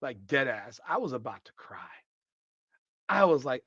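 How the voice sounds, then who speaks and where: A man hosting a live sports podcast, hoarse with a worn-out voice, talking in an excitable, profane, trash-talking way while reading the chat. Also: mid-range voice, normal speed, dry recording, muffled recording. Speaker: podcast host.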